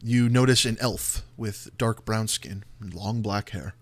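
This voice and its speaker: A man's voice: fairly low pitch, measured pace. A man running a tabletop role-playing game as dungeon master, narrating scenes in vivid detail with frequent "uh" and "um" fillers.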